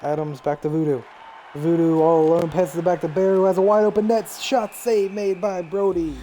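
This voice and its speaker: A young man giving live play-by-play of a video game hockey match, fast-paced and steady as he tracks each pass and save. His voice sits a touch high but sounds mellow and soft rather than bright, and faint music plays behind him. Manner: rapid play-by-play, rising excitedly on shots and goals. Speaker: play-by-play commentator.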